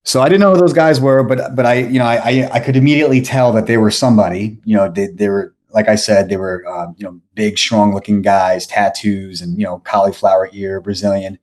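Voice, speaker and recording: A man's voice: lowish voice, steady tone, a little fast, hardly any pauses, darkish tone. A man, telling a story on a podcast as the guest, rambling with many restarts and fillers. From New York. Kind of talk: casual storytelling.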